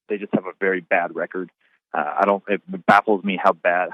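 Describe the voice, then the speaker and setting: A man giving casual sports radio analysis over the phone. He talks in a halting way and repeats words while he thinks. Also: lowish voice, dry recording. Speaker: basketball analyst. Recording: tinny phone line.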